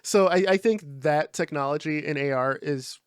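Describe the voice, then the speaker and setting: A man's voice: on the high side, normal speed, clean tone, no echo, studio quality. A young man co-hosting a podcast, chatting in a laid-back way, swearing freely and leaning on fillers. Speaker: podcast co-host. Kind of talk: casual chat.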